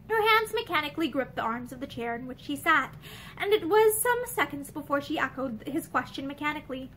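A woman reads an old novel aloud with expressive, measured narration. Her voice is high-pitched and moves widely in pitch. She is recorded indoors among bookshelves. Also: a little hiss or hum. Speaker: reader.

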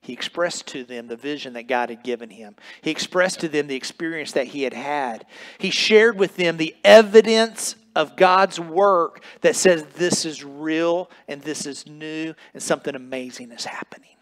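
A man with a fairly high voice preaches a sermon as pastor in a church sanctuary. He drives his points with stacked repeated phrases, now and then restarting a word as he goes. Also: measured pace, fairly bright tone.

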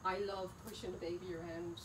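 A woman with an Irish accent, a podcast guest chatting casually, self-mocking and quick to laugh. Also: on the low side, flat delivery. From Ireland. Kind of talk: casual chat. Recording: distant mic with clear background noise.

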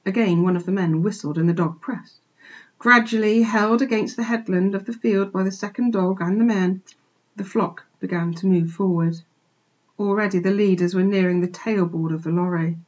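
A woman teacher expressively reading a children's book aloud for a remote class, pausing to point out pictures, on a dull lo-fi recording. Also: on the low side, fairly even intonation, darkish tone. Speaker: primary school teacher. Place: home, remote lesson.

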